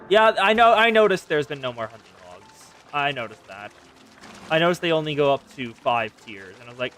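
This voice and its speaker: A man commenting casually on his own gameplay, talking to himself, swearing, and swinging between loud exclamations and quiet mutters. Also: on the high side, animated, fairly quick, soft background music. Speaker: game streamer.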